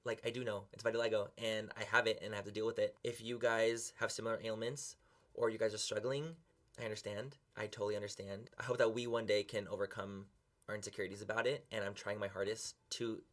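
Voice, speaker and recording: A man's voice: on the low side, level tone, fast, a bit bright. Young man, earnest and emotional. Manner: earnest, openly emotional, swears casually. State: close to tears. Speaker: beauty vlogger. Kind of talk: emotional confessional vlog.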